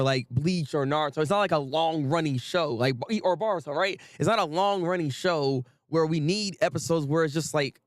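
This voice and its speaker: A man's voice: high voice, dry recording, clean studio sound. A man hosting a casual anime commentary, ranting animatedly with frequent laughs and repeated phrases. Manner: animated, repetitive, laughs often, swears casually.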